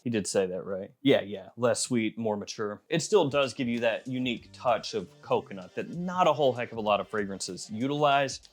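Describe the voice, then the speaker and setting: A man with a Southern accent reviewing fragrances in a relaxed, conversational vlog. His voice sits at an ordinary middle pitch, and he muses aloud as he talks. Soft music runs faintly under him. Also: normal speed, hardly any pauses. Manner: chatty, easygoing, muses aloud.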